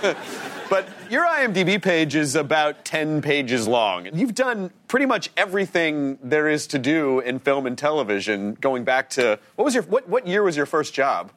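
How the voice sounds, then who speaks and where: A man hosting a studio talk show, excitable and quick, with frequent bursts of enthusiasm. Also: a little high. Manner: excitable, fast, bursts into shouts and laughs. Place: TV studio with live audience.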